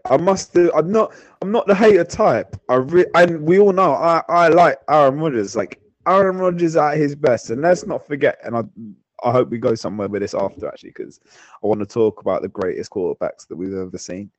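A man's voice: fairly high pitch, expressive, brisk, dry recording. A man co-hosting a casual sports podcast, blunt and teasing and swearing freely. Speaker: podcast co-host.

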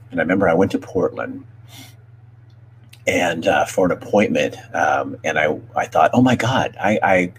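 A middle-aged man with an extremely deep voice hosts a podcast and shares personal stories. He talks candidly and emotionally, often pausing and restarting his sentences. A faint hum runs underneath. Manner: halting, with many pauses and restarts. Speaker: podcast host. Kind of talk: heartfelt personal storytelling.

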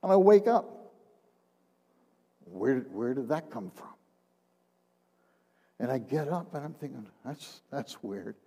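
Slow, mellow older man giving testimony. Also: mid-range voice, sing-song, slightly rough. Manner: halting, repeats words, drops to a hushed tone. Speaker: retired minister. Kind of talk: personal testimony. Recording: long reverb of a large hall.

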